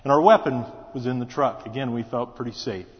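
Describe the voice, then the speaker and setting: A man's voice: medium pitch, fairly quick. Plainspoken man telling a story in a reverberant church. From South Dakota, US. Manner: plainspoken, steady storyteller with some restarts. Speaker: school superintendent. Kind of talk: personal storytelling testimony. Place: church sanctuary. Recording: dull, lo-fi sound with long hall reverb.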